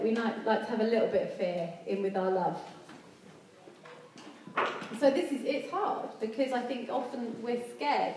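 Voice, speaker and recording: A woman's voice: fairly high pitch, warm tone, slight background noise. A woman giving an earnest, conversational sermon, acting out the voices of the people in her stories. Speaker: preacher. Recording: echoey hall, speaker far from mic.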